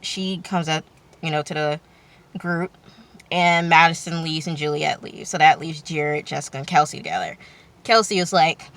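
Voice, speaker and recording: A woman's voice: low-pitched, steady tone, normal speed, a bit bright. A woman recapping a TV episode for her vlog in a loose, slangy way, swearing freely and making chatty asides. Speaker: TV recap vlogger.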